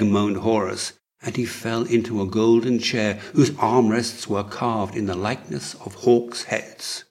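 A man narrating a story as an audiobook in a measured, dramatic manner. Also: lowish voice, steady tone.

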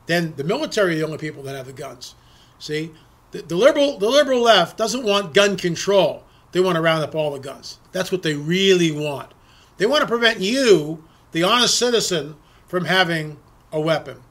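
Middle-aged guy ranting about politics, high voice, sharp and bright, lots of angry rhetorical questions. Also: lively intonation, normal speed. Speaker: political commentator. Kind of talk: opinion monologue.

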